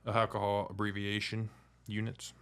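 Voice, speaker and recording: A man co-hosting a casual podcast chat over beers, jokey and quick to laugh. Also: on the low side, monotone, a bit bright, clean tone. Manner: jokey, laughs often, slips into put-on accents. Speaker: podcast co-host.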